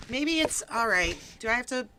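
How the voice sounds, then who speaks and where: Bright, giggly woman hosting a live stream. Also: a little high, lively intonation, normal speed, a little hiss or hum. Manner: giggly, greets chat by name. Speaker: stream host. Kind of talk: casual live-stream chat.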